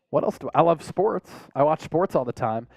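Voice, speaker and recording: A man's voice: a little high, expressive, normal speed, a little mellow, no echo, faint music behind. A man hosting a live sports stream, chatting casually in a laid-back, rambling way with frequent chuckles. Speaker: sports show host.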